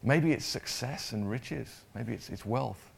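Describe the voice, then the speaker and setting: A man's voice: medium pitch, a little slow, creaky, breathy edge. Man preaching a conversational sermon. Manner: conversational, repeats words, asks the congregation questions.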